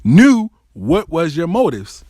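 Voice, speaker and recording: A man hosting his own show tells a personal story in a profane, slangy monologue, swearing freely. He's animated and swings between high and low registers, though his pace is slow. The sound is clean studio audio with no room sound.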